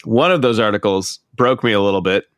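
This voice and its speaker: This podcast co-host has a lowish, smooth voice and a brisk delivery, recorded with no room sound. He chats casually, rambling and correcting himself along the way.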